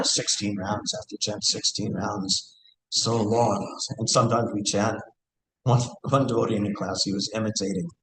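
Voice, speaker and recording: A man's voice: lowish voice, gravelly. Earnest man giving a scripture class. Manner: earnest, thinking aloud with fillers and Sanskrit verse. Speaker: class speaker. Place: temple hall. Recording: echoey room, faint background hiss.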